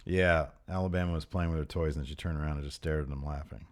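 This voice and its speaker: A man's voice: extremely low pitch, fairly even intonation, fast. A man co-hosting a podcast in casual chat, joking and laughing often as he talks. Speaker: podcast co-host.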